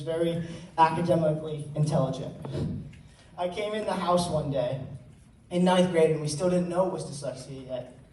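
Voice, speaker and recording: A man's voice: sits high, darkish tone. A young man giving an earnest personal talk to an audience, telling stories with joking asides. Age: teens. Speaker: student speaker. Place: large hall with audience. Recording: roomy hall sound, mic at a distance.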